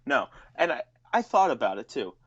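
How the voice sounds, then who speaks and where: A man's voice: mid-range voice, very animated, a little fast, slightly rough, highs cut off. A man co-hosting a podcast, telling stories in a casual, profane, ranting way. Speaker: podcast co-host. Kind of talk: casual chat.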